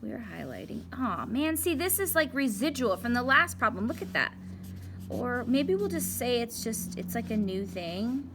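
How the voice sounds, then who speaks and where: A woman's voice: a little high, very animated, moderate pace, noisy background. A young woman giving a casual, chatty math lesson, talking to herself playfully as she works through graphing problems. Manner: chatty, playful, talks to herself while working. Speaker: math teacher.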